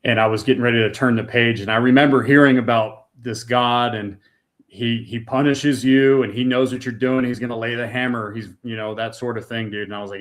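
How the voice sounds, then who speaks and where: A middle-aged American man gives an emotional, earnest and raw personal testimony as a guest, repeating words when moved. His mid-range voice keeps fairly even intonation and a brisk pace.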